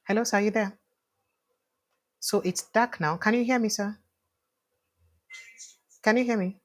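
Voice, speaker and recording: A woman with a Nigerian accent hosts a livestream interview in a steady, medium-pitched voice, speaking a little slowly. She's chatty and informal, with filler sounds, and alternates between Pidgin and English.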